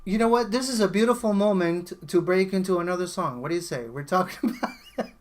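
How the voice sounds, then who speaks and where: A man's voice: high-pitched, a little fast. A man hosting a casual songwriter podcast, talking animatedly with frequent laughs and restarts. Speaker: host.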